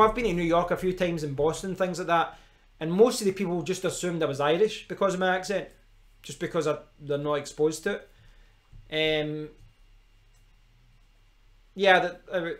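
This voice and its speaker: A Scottish man, his voice sitting a little high for a man, chats through a live stream in an easy, rambling way. He picks up viewers' comments and talks back to them. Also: moderate pace, a bit bright. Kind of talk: casual live-stream chat.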